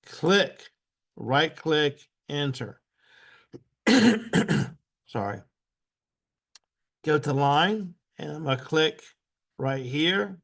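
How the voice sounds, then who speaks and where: A man teaching a step-by-step software tutorial. He repeats each step aloud patiently and keeps clearing his throat. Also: on the high side, very slow, long pauses. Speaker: instructor.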